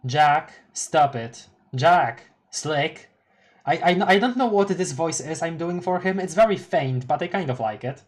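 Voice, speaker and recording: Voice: medium pitch, lively intonation, a little slow. A streamer doing a live read-along of a webcomic, chatting casually, laughing often and reacting aloud.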